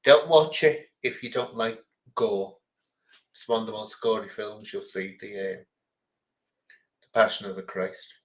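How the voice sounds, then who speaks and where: A man's voice: lowish voice, steady tone, unhurried, pauses often, a bit bright, low-quality recording. A middle-aged man from England chatting casually as host, rambling through an opinionated story with lots of ums and restarts. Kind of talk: casual livestream chat.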